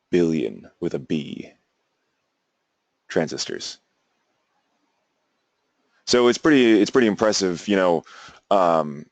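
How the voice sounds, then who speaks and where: A young man with a deep voice teaches a class, lecturing loosely and rambling with lots of fillers and restarts. There's no room sound.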